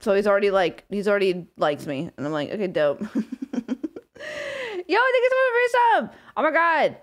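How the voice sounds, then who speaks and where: A woman streamer chatting casually on a live stream, giggling often and swearing as she rambles excitedly. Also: mid-range voice, moderate pace. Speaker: livestreamer.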